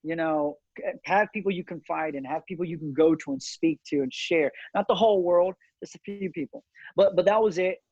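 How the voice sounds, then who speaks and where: Middle-aged male guest, earnest and halting, somewhat higher voice, dry lo-fi sound. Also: darkish tone, breathy edge, no room sound. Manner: earnest storytelling with many fillers and restarts. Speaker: cigar company owner, guest. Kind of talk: casual interview chat. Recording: dull, dry lo-fi audio.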